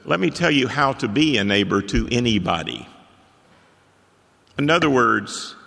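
A man's voice: medium pitch, vocal fry, bright, forceful tone, in a large hall. A man preaching a sermon like a lecture, emphatic, with wry joking asides.

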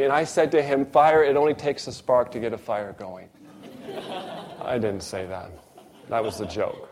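A man's voice: medium pitch, moderate pace. A man preaching a sermon, telling a story and acting out the dialogue. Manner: animated storyteller, acts out dialogue.

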